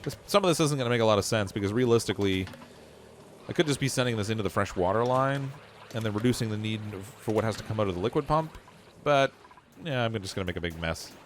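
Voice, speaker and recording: A man's voice: fairly low pitch, animated, quick pace, slight background noise. A Canadian man streaming a game, thinking aloud and poking fun at his own messy builds. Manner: self-mocking, thinks aloud while building. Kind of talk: casual livestream commentary.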